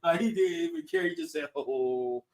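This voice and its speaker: A man hosting a casual online show, talking in an excited, rambling way and laughing often. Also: high voice, quick pace. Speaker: show host. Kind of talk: casual chat reacting to viewers.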